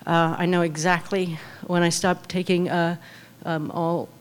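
A middle-aged woman, nervous about public speaking, sharing her recovery story with many pauses, ums and uhs. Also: on the low side, level tone. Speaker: meeting speaker. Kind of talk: personal recovery share.

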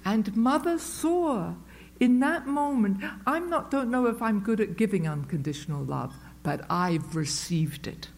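This woman's voice is fairly high and a bit mellow, with lively intonation and a measured pace. She's telling a group at a recovery meeting about her own life, in a chatty, self-deprecating way full of fillers and false starts, with listeners present in the meeting room.

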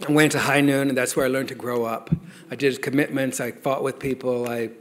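A man's voice: mid-range voice, steady tone, a little fast, fairly bright tone, slight background noise. A middle-aged man telling a wry personal recovery story, self-mocking and often laughing as he speaks. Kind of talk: personal testimony talk.

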